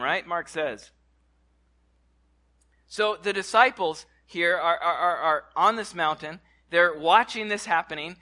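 A man preaching to his congregation in a church, animated, repeating words and asking the room questions. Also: high voice, unhurried, long pauses. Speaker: pastor. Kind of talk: sermon. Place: church hall.

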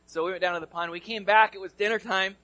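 California guy preaching, bright punchy voice, talks like he's telling a story to friends. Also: high-pitched, steady tone, quick pace. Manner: conversational storyteller, swinging from loud to hushed. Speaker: pastor. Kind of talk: sermon with personal story.

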